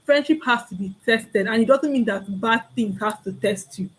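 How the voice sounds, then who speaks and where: A woman's voice: a little high, normal speed, husky, low-quality recording. A young woman with a Nigerian accent giving an earnest, preachy talk to camera, repeating key phrases and acting out small bits of dialogue. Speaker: vlogger.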